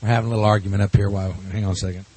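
Husky, folksy man preaching. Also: on the low side, little pitch movement, racing, darkish tone. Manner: folksy, jokey storytelling with laughs. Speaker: pastor. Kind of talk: church talk to a congregation.

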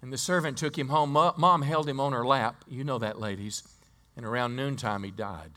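A man's voice: mid-range voice, normal speed, sharp tone. A male pastor preaching a sermon in a church, telling a story and quizzing the congregation, often restarting his words.

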